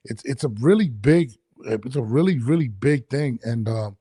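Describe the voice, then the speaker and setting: A man's voice: medium pitch, lively intonation, moderate pace, mellow, slightly rough, no echo, studio quality. A man hosting a casual podcast interview, talking loosely with many restarts and fillers. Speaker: podcast host. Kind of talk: casual video-call interview.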